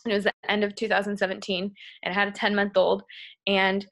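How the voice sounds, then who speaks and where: A woman's voice: medium pitch, completely flat delivery, quick pace, a bit bright. A young adult woman, a guest speaker, telling a candid personal story to a group, often filling with "like" and sometimes close to tears. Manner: candid and emotional, many "like" fillers. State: tearful at moments.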